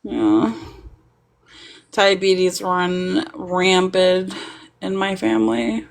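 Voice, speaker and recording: A woman's voice: lowish voice, drawn-out words. Giggly woman in casual banter. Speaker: livestream co-host. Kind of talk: casual chat.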